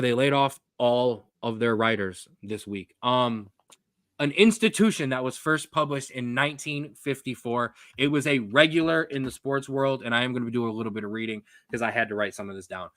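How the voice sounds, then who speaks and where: A young man co-hosting a sports podcast, talking in a rambling, jokey, animated way. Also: mid-range voice, moderate pace, dry recording, clean studio sound. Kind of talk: casual sports chat.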